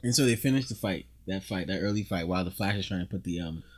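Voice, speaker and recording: A man with a lowish voice talks about comics in a loose, excitable way. He stumbles over his words, restarts often, and peppers his speech with fillers as he gushes. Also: fast. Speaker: comic book podcast co-host. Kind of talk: casual chat.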